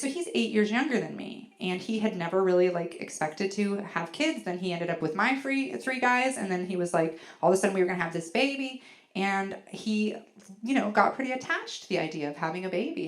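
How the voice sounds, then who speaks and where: A woman's voice: medium pitch, expressive, fairly quick. A middle-aged woman performing a stand-up comedy set on a venue stage, telling rambling stories with lots of fillers and acting out other people's voices. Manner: chatty, filler-heavy storytelling with big acted-out voices.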